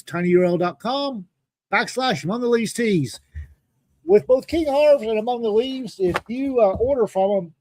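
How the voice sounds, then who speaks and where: A man's voice: high-pitched, warm tone. A tired man co-hosting a casual livestream chat, grumpy and dry with sarcastic asides. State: tired from lack of sleep. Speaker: podcast co-host.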